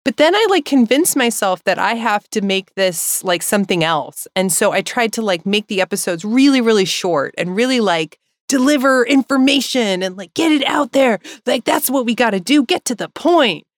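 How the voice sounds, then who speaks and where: A woman with a fairly high voice talks in a rambling, emotional way on a podcast, laughing often. She sounds tearful. The sound is dry and close, with no room echo. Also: lively intonation, normal speed, few pauses. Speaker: podcast co-host. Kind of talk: casual heartfelt chat.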